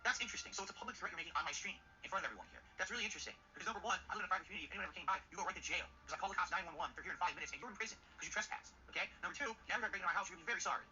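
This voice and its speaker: A man's voice: rapid-fire, few pauses, bright, forceful tone. A man ranting angrily and profanely on a livestream. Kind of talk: ranting stream clip. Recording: muffled low-fi stream audio with faint noise.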